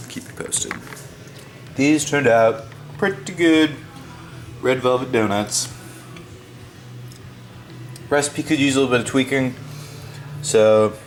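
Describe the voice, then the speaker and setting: A young man vlogging casually at home, rambling with offhand, self-mocking asides. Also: on the low side. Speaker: fitness vlogger. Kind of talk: casual vlog narration. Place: home, kitchen and bathroom. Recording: home video with clear background noise.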